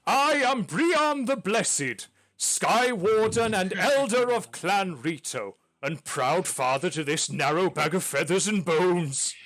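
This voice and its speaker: A man voicing a burly eagle-like elder, a boisterous warrior with a huge booming voice. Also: animated, slow, few pauses, full character voice. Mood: hearty booming. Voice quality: booming, loud.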